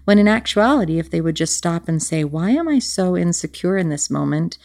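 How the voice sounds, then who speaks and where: A woman's voice: low-pitched, a little mellow. A woman hosting a reflective solo talk, speaking earnestly, questioning herself and addressing listeners directly. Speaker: podcast host.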